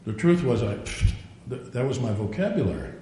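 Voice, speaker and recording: An older man preaches in a folksy, storytelling manner, slipping into little acted voices for prayers and conversations. His voice sits at a middle pitch and rings through a very echoey room with a faint hiss of noise behind it. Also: very animated, a little fast, dark tone. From Norwegian. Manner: folksy storytelling, acts out dialogue. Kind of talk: sermon.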